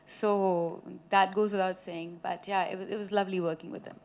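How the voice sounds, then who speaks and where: A woman in her thirties from India, an actress chatting with reporters at a press meet, telling lively anecdotes and laughing often. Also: medium pitch, normal speed. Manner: chatty, laughing, animated storytelling.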